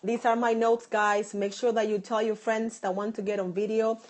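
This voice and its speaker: A woman's voice: medium pitch, level tone, normal speed. A woman in her late thirties with a Boston accent, hosting a live phone stream with a sore throat, upbeat and effusive as she thanks viewers. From Dominican Republic. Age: 30s. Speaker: live-stream host and stylist. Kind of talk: live-stream chat reading viewer comments.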